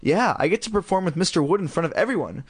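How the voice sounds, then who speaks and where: A grumbling, jealous young girl complains in a mid-high voice, as a man reads her for a joking storybook spoof. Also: expressive, quick pace, slightly rough, dry recording. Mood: sulky.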